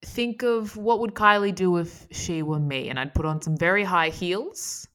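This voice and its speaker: Playful low-voiced Australian woman. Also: normal speed, a bit bright. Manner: playful, teasing, switches between accents for laughs. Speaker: actress guest. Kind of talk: improvised comedy chat.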